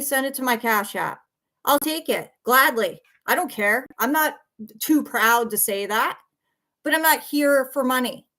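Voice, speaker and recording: Fed up tired woman venting at her chat, blunt and sweary, kinda high voice. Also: a bit bright. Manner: defensive, blunt, swears, repeats herself. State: worn out. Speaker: livestreamer. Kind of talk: heated livestream rant.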